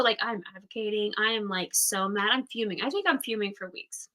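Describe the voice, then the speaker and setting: This thirtysomething astrology host from Utah, United States, speaks at medium pitch and normal speed with few pauses, her tone bright and forceful, though the recording is rough. The casual livestream class is candid and chatty, with frank swearing and acted-out quotes.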